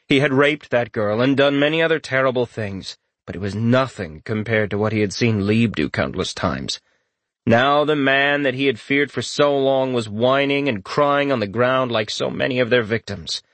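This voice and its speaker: Male audiobook narrator, fantasy story, steady storytelling read, middle pitch, dead dry sound. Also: dry recording. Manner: steady storytelling read with dramatic rises for quoted lines.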